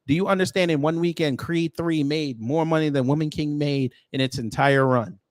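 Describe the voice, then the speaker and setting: A man's voice: fairly high pitch, normal speed, dry recording, studio quality. An American man doing reaction commentary with a sarcastic, incredulous, slangy delivery. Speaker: commentary vlogger.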